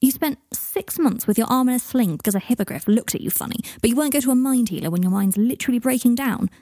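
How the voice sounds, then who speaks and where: A woman's voice: on the high side, warm tone, dry recording, clean studio sound, pitched above the performer's own voice. A woman reading the part of an earnest, hot-headed male wizard in an audiobook. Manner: earnest and quick to flare up.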